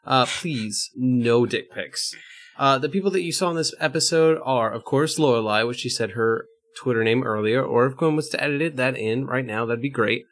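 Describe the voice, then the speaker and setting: A man's voice: medium pitch, moderate pace, fairly bright tone. A man co-hosting a podcast, chatting casually with earnest explanations and hesitant fillers, then reading the outro. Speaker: podcast co-host. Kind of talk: casual chat.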